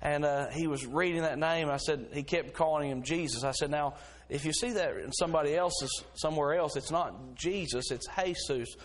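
A man's voice: a little high, steady tone, a little fast, hardly any pauses, a little hiss or hum. Folksy man preaching a sermon. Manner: folksy storytelling, swells to fervent preaching. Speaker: pastor.

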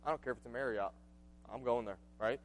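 A man's voice: mid-range voice, quick pace, slight background noise. A man in his late twenties preaching a sermon, earnest and conversational, telling a personal story with frequent asides. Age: 20s. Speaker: pastor.

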